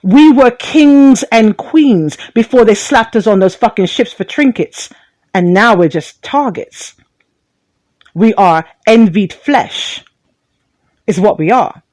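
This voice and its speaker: A woman's voice: a little high, lively intonation, slow pace, a little mellow, no room sound. A woman hosting a talk radio show, delivering an impassioned monologue full of rhetorical questions and blunt profanity.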